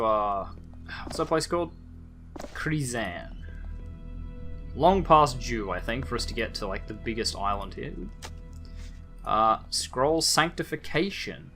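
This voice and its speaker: A man's voice: medium pitch, bright, forceful tone. A man hosting a let's play, giving casual commentary with wry, jokey asides and reading in-game text aloud.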